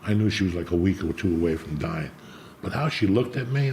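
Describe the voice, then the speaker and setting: A man's voice: low voice, animated, brisk, darkish tone, a little hiss or hum. A middle-aged man telling a blunt, profanity-heavy personal story in casual chat as a podcast host.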